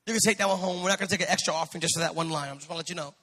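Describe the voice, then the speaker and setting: A male pastor preaching a sermon in a church, impassioned, building to shouted peaks and joking with the congregation. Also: fairly high pitch, very fast. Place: church sanctuary. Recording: reverberant church hall.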